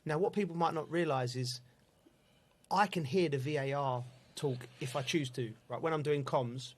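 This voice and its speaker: A man, a football pundit telling stories in casual chat, animated and laughing often. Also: a little high, normal speed. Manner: laughing, animated storytelling with slang.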